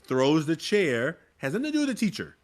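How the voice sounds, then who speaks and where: A man's voice: fairly high pitch, wildly swooping pitch, fairly quick. A man who mentors young people and was once a vice principal, telling a story in an earnest, vivid way during a conversation. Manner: earnest storyteller, acts out scenes.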